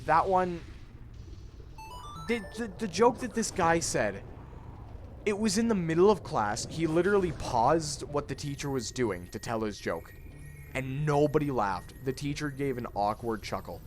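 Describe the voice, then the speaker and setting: A man's voice: fairly high pitch, expressive, unhurried, faint music behind. A young man telling a rambling school story with many restarts and casual swearing while playing a game. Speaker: let's play co-host. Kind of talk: casual gaming chat, storytelling.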